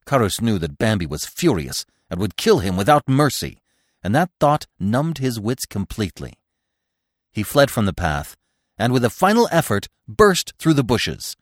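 A man, the podcast host, narrating a classic storybook in an expressive, dramatic way. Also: lowish voice, normal speed, dry recording, clean studio sound.

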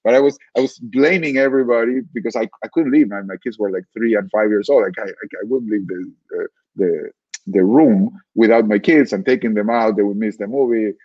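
A man's voice: on the low side, brisk, darkish tone, no room sound, dull audio. A man talking through ideas as a podcast guest, thoughtful, often repeating words while he searches for them. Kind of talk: reflective conversational explaining.

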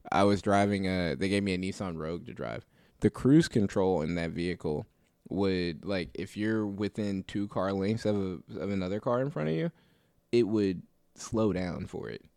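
A man's voice: deep voice, normal speed, darkish tone, dry recording, studio quality. A man co-hosting a podcast, telling stories in casual chat, laughing often and swearing casually. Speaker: podcast co-host.

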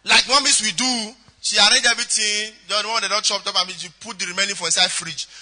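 A Nigerian man preaching a storytelling sermon, animated, sliding into pidgin and acting out voices. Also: sits high, quick pace. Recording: echoey hall.

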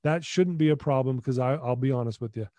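As a podcast guest, a middle-aged man animatedly retells a personal story, acting out dialogue and often restarting and repeating words. His medium-pitched voice moves fairly quickly, recorded at studio quality with no echo.

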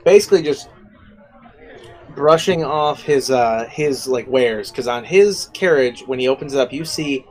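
A man's voice: medium pitch, animated, unhurried, rough recording. A man narrating a tabletop game as game master, casual and rambling.

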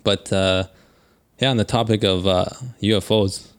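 A man in casual podcast chat, telling an anecdote with quick asides and fillers. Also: on the low side, level tone, smooth.

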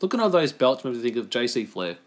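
A man's voice: mid-range voice, big pitch swings, quick pace. A man co-hosting a wrestling watch-along podcast, chatting casually and laughing often. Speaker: podcast co-host.

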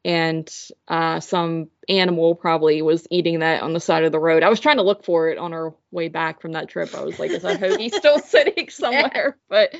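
A woman's voice: sits low, steady tone, fairly quick, gravelly, hardly any pauses, lo-fi sound. A woman co-hosting a podcast, telling a long story in casual chat and filling it with "like". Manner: rambling storyteller, heavy filler "like", mimics voices. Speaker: podcast co-host.

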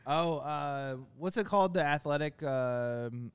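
A man's voice: on the high side, measured pace, clean tone. A man co-hosting a comedy podcast, joking bluntly and profanely in casual banter. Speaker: podcast co-host.

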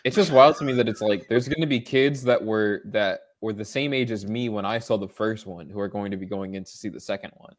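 A male podcast co-host in casual chat, animated and ranting, swearing freely. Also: lowish voice, fairly quick, hardly any pauses.

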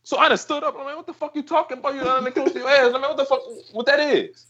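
A man's voice: extremely high pitch, fairly even intonation, racing, pushed and bright, highs cut off. A man telling a crude story in casual chat, swearing, full of slang and laughing as he goes.

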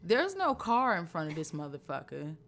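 A woman co-hosting a podcast, telling a story in a casual, profane, animated way. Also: fairly low pitch, moderate pace. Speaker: podcast co-host. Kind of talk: casual chat.

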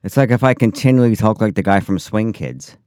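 A man co-hosting a casual podcast, with a very low voice and a tight, dry studio sound. He is opinionated and sarcastic and teases his co-host freely. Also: lively intonation, a little fast, darkish tone, no echo. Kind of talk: casual banter.

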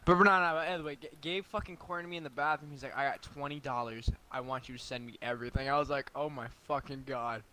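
A man's voice: medium pitch, fairly even intonation, fast talker, hardly any pauses, sharp tone. A young man telling crude, boastful stories in casual chat with friends.

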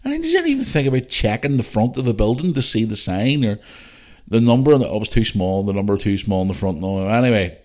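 A Northern Irish man rambles through a family story with a deep, low voice. He swears freely and talks loosely, like a casual podcast chat. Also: sing-song, a little fast, darkish tone. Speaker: podcast host.

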